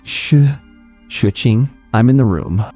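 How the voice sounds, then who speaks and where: A man's voice: medium pitch, animated, slow, dark tone, dry recording, soft background music. A man voicing a nervous middle-aged mother in a manhwa recap, stammering and hesitant.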